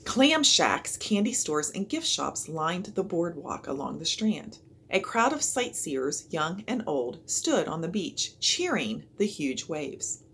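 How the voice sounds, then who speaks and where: A woman reading a children's chapter book aloud in an expressive storytelling manner. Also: on the low side, slow, slight background noise. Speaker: reader.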